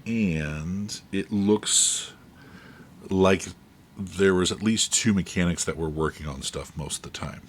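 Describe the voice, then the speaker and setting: A man running a tabletop game as game master, describing scenes in a relaxed way. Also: deep voice, slow pace.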